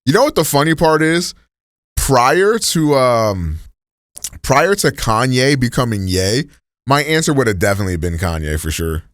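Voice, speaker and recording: A man's voice: mid-range voice, lively intonation, normal speed, a bit bright, dry recording, clean studio sound. Slangy rambling male streamer. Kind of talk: casual live-stream reaction chat.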